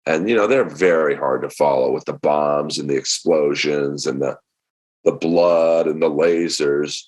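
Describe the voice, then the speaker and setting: A middle-aged man with an extremely low, deep voice tells comedy stories on a podcast. He talks casually and acts out the other people's lines with lively energy. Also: measured pace. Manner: animated storyteller acting out quotes. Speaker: comedian guest.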